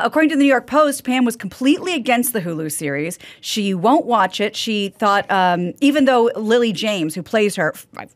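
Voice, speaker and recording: A woman reading news stories on a podcast in a chatty, casual way. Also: medium pitch. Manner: chatty, animated, agreeable.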